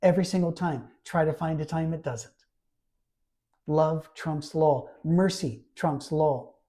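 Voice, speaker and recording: A man's voice: fairly high pitch, a little slow, mellow. A man giving a conversational sermon as a Bible storyteller, stressing key phrases by repeating them.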